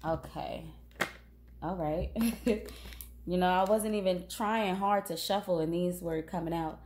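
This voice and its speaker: A woman with a cold giving a casual tarot reading, talking unhurriedly with pauses and fillers. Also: lowish voice, steady tone, darkish tone, a little hiss or hum. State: has a cold, sniffling. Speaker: tarot reader.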